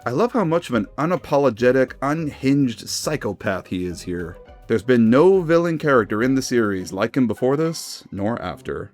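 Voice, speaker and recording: A man's voice: medium pitch, moderate pace, hardly any pauses, soft background music. A man hosting a video essay, narrating in a casual, enthusiastic way. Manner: enthusiastic, animated.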